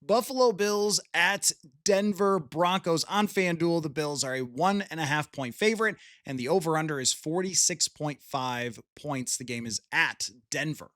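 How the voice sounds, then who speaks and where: Sports podcast host guy, chatty and laughy, fairly high bright voice, dry close mic. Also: normal speed, few pauses, no room sound. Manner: chatty, laughs often, many restarts. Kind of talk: casual sports chat.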